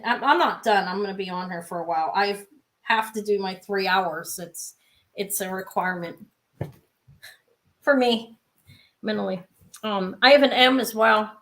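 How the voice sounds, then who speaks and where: A woman's voice: medium pitch, moderate pace, fairly bright tone. A middle-aged woman chatting casually as she sells jewelry in a live-stream auction, rambling with asides.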